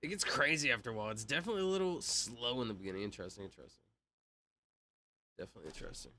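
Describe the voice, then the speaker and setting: A young man chatting casually on a livestream while gaming, relaxed and rambling, full of slang. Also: medium pitch, very fast, a little hiss or hum. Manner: relaxed, rambling, slangy, says "bro" often.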